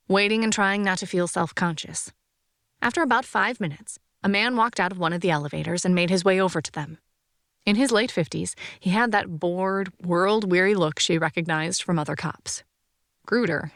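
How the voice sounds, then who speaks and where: Gravelly low-voiced woman narrating. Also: a bit bright, no echo, studio quality. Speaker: audiobook narrator. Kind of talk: scripted audiobook narration.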